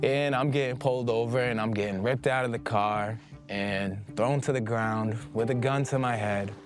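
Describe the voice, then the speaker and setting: A man's voice: mid-range voice, steady tone, moderate pace. A young man recounting a personal story in a direct, plain way during an interview. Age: young adult. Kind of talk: personal testimony. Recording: music bed under interview.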